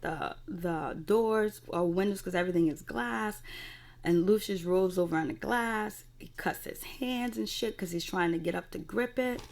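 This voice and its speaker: A woman casually recapping a TV episode in a rambling, profane way with lots of fillers. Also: medium pitch. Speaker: TV recap reviewer.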